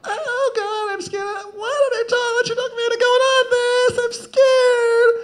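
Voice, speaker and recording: A man's voice: very high-pitched, little pitch movement, measured pace, voice pushed up. A man voicing a terrified male roller coaster rider who whimpers and shrieks.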